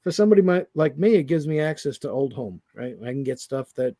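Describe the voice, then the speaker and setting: A man appearing as a podcast guest, giving his views eagerly in casual chat, with halting restarts. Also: fairly high pitch, lively intonation, mellow, no echo, clean studio sound.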